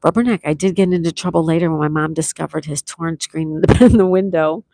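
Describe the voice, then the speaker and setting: A woman hosting a casual livestream, reading viewers' comments aloud and thanking them by name with warm enthusiasm. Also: low voice, quick pace, vocal fry, dry recording. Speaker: livestream host. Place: at home with a view, morning tea.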